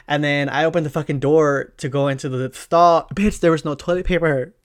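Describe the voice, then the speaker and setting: A man's voice: on the high side, steady tone, brisk. Profane, rambling young man telling stories. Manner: profane, rambling, lots of fillers and slang. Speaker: podcast host. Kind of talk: casual storytelling monologue.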